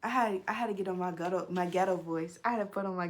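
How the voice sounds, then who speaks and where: A young woman vlogger telling a personal story to camera in a casual, animated way, swearing often and talking straight to her viewers. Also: fairly low pitch, quick pace, few pauses.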